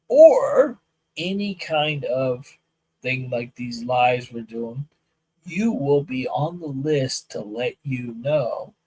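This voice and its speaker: A man hosting a live podcast as a firearms instructor, chatting casually with viewers and telling animated stories where he acts out both sides of conversations. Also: mid-range voice, breathy edge, low-quality recording. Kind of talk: casual live-stream chat. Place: outdoor shooting range.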